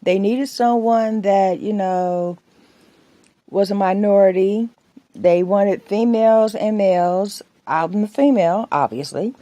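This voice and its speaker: Woman, vlogger, casual storytelling, rambling, mellow tone, dry sound. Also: mid-range voice, slow pace, dry recording, muffled recording. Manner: chatty, rambling, laughs between anecdotes. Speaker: soap maker and vlogger.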